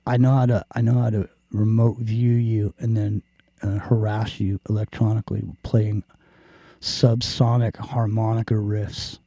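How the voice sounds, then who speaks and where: Rambling man with a dark husky voice. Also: lowish voice, level tone, unhurried, no echo. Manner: rambling, profane, jokey. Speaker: podcast host. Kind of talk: casual chat.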